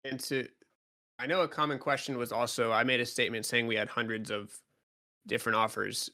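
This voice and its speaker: Frank man with a bright voice. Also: medium pitch, flat delivery, fairly quick. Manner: frank, casual, many fillers. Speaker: club co-owner answering fan questions. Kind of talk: live Q&A.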